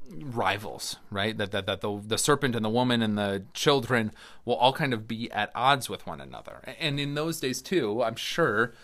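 A man's voice: medium pitch, a bit bright, no room sound. A middle-aged man, a Lutheran pastor, teaching a Bible study in a conversational way and reading scripture aloud. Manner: conversational, restarts and fillers, acts out quoted voices.

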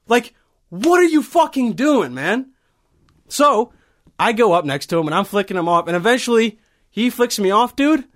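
A man's voice: high-pitched, a bit bright. A man in his early twenties, from Bosnia, telling a heated, profane story in casual chat. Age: early 20s.

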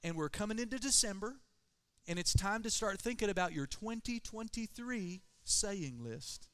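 A man's voice: sits high, lively intonation, moderate pace, fairly bright tone, smooth. A male pastor preaching a sermon in a church, emphatic and calling for amens. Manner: emphatic preaching, calls for Amen.

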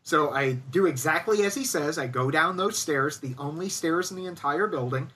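A man's voice: fairly high pitch, normal speed, bright, forceful tone, distant mic. A young man casually telling a funny story, animatedly acting out other people's lines. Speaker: storyteller guest. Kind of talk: casual anecdote on a podcast.

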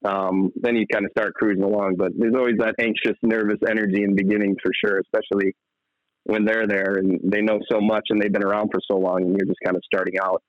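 A man's voice: lowish voice, fast, no room sound. Young male actor guest, laid-back and rambling, lo-fi recording. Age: young adult. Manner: relaxed, rambling, laughs often. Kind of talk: casual interview talk.

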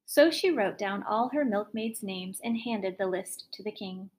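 A woman reading a fairy tale aloud in an expressive, lively storytelling manner. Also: medium pitch, unhurried, hardly any pauses.

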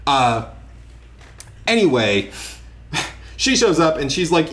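Man, movie podcast co-host, opinionated, profane, rapid recap. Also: mid-range voice, big pitch swings, fairly bright tone. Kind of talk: casual movie review chat.

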